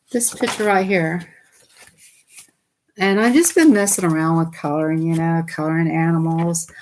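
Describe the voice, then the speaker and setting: A woman, hosting a casual livestream from home at night on a desktop computer mic. She chats excitably with her viewers and laughs often. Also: on the low side. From Southern United States. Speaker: livestream host.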